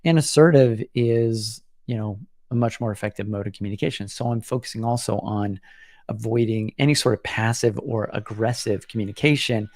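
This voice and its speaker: A man's voice: on the low side, moderate pace, darkish tone, no echo, studio quality. A man in his forties hosting a solo podcast, talking in an earnest, reflective way and often restarting his sentences. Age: 40s. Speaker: podcast host.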